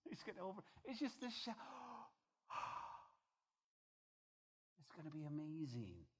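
An older man preaching to his congregation in a lively, chatty way, stopping often to talk to them directly. His voice sits a touch higher than most men's. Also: slow pace, breathy edge. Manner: animated, conversational preaching with asides to the congregation. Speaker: pastor. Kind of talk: sermon.

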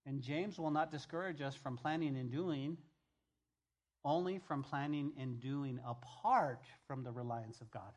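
A male pastor preaching a sermon, emphatic, repeating key phrases and swinging between loud and hushed delivery. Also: medium pitch, a little slow.

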